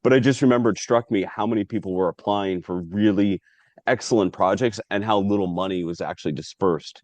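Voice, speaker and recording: Deep-voiced man hosting over a video call. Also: a little fast, dry recording. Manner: relaxed, explanatory, some filler. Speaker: host. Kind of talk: casual video-call interview.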